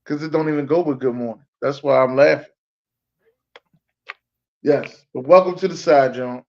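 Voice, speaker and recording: Philly guy hosting a podcast, laid back and chatty, kinda high voice, muffled lo-fi sound. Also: normal speed, darkish tone. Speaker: podcast host. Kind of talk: casual chat. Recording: dull lo-fi stream audio.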